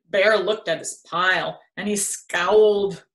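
A woman educator reading a children's picture book aloud in an expressive storytelling manner. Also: mid-range voice, takes it slowly.

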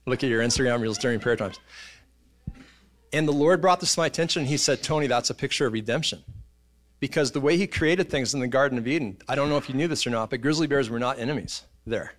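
A man, preaching a sermon in a church, telling stories in an animated way and acting out voices and sounds. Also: mid-range voice. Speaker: pastor. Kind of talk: casual sermon storytelling. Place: church auditorium.

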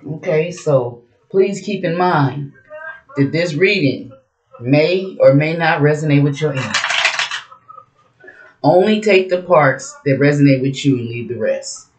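A woman's voice: deep voice, lively intonation, measured pace, long pauses, noisy background. A woman giving a casual tarot reading, brash and mocking, with a lot of profanity. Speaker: tarot reader. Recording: roomy echo.

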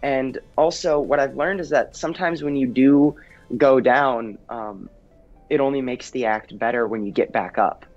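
A teenage boy talks earnestly as an interview guest, pausing on ums and restarting his sentences. His voice comes through dull and lo-fi. Faint music plays underneath. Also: mid-range voice, a little mellow. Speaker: actor guest. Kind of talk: casual interview chat.

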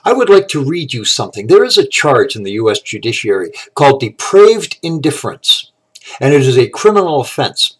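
A man's voice: medium pitch, sing-song, moderate pace, slightly rough. A man in an angry monologue to camera, ranting with outrage and strong profanity. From Canada. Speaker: political commentator.

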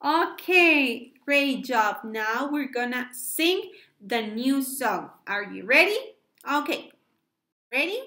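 A woman teaching an English lesson to preschoolers, speaking slowly and enunciating carefully as she prompts children to repeat after her. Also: high voice, expressive, bright, forceful tone.

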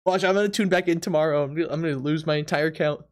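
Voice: medium pitch, steady tone. Chatty streamer laughing with the chat. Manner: chatty, laughs often, talks straight to the chat; quick bursts with stumbling restarts. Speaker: live streamer. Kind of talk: casual live-stream chat while playing a drawing game.

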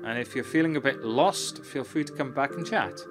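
A man's voice: medium pitch, normal speed, over music, close to an everyday voice. A man reading out a grouchy ship captain. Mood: gruff. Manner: curt, scolding. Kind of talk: reading game dialogue aloud.

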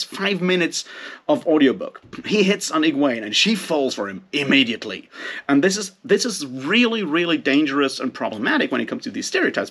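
A man's voice: medium pitch, fairly bright tone, breathy edge. A man giving a casual spoken book review, ranting in a heated, profane way.

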